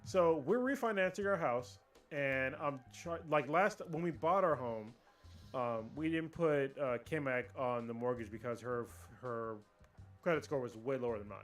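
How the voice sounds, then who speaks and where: A man co-hosting a casual livestream podcast, ranting and swearing freely in animated chat. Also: mid-range voice, unhurried, soft background music. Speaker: podcast co-host.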